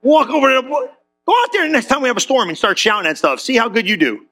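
A male pastor preaches a sermon in a very high voice at a fast pace. He tells stories in casual, slang-heavy language, animatedly acting out the characters with distinct voices.

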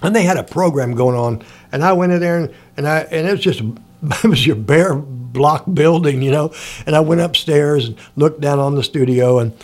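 A man's voice: fairly high pitch, moderate pace, a little mellow. An older man from Indiana, telling stories from his life in a rambling, casual way and chuckling often. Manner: rambling, chuckles often, acts out quoted people. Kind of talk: casual storytelling.

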